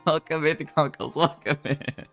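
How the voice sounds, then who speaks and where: A man streaming from home as a vtuber, chatting casually while he draws, animated and jokey, swearing often and teasing his chat. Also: a little high, a little slow, soft background music.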